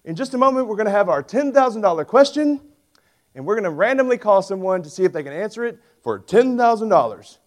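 A radio quiz host announces the big prize question in a brisk, announcer-style delivery, as a preacher puts him on. His voice is pitched on the high side. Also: big pitch swings. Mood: announcing.

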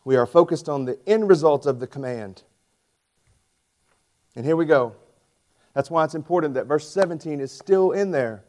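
A pastor in his forties preaches a sermon to his church. He tells stories in an animated, emphatic way, and his voice sits somewhat high for a man. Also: moderate pace, long pauses.

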